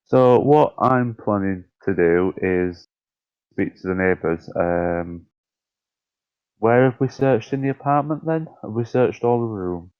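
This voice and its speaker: A man playing in a tabletop game, slow and deliberate. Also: lowish voice, expressive, clean tone, no room sound. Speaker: player. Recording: dull, dry lo-fi mic.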